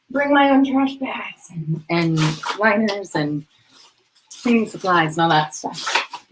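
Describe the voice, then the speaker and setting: A woman's voice: medium pitch, noisy background. A woman hosting a casual live stream from a hotel room, emotional and effusive as she thanks her viewers. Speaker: livestream host.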